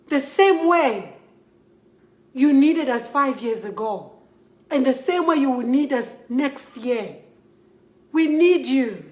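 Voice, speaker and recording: A woman's voice: high-pitched, a little mellow, echoey room. A young Zambian woman with a Zambian accent, making an emphatic, impassioned direct-to-camera appeal. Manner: emphatic, repetitive, pleading and scolding. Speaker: model speaking out.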